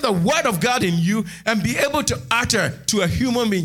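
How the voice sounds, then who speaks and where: A man preaching a sermon in church, animated, moving between hushed asides and shouted lines. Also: high-pitched, a little fast, faint music behind. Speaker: pastor.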